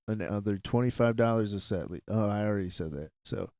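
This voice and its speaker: Relaxed guest, man, smooth clear voice, close and dry. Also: on the low side, brisk, dry recording. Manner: easygoing, rambling, repeats himself. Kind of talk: casual chat.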